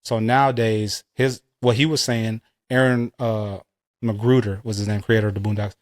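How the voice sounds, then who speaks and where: A man's voice: on the low side, flat delivery, normal speed, no room sound, clean studio sound. A man co-hosting a podcast, telling a story in loose, profane casual chat that wanders into tangents. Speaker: podcast co-host.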